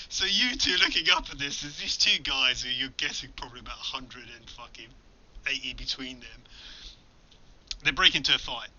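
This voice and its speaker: A game master runs a tabletop horror game, talking loosely, swearing, and laughing. His mid-range voice is animated, pushed, and bright at normal speed, captured in a dull, lo-fi recording.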